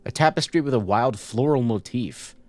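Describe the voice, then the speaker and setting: A man plays a horror game on stream, reading the notes aloud in an even, mid-pitched voice and cracking wry jokes between them. The sound is close and dry, with no room echo. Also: normal speed. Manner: joking asides while reading game text aloud. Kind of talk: casual horror-game let's play.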